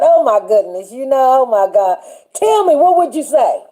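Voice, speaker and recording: Lively high-voiced woman hosting a chat. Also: normal speed. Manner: animated, chatty, laughs often, greets viewers by name. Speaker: livestream show host. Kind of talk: casual faith chat with a live chat.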